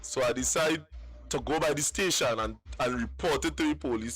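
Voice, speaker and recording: A man's voice: medium pitch, normal speed, fairly bright tone, slightly rough, faint music behind. A man, calling in to tell a long personal story, rambling and repeating words. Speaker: caller.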